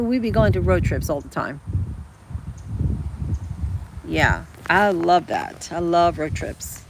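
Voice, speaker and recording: A woman's voice: fairly low pitch, lively intonation, slow pace, creaky, long pauses, a little hiss or hum, rough recording. A woman chatting casually with her livestream viewers, rambling and calling them girl and guys. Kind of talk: casual live chat.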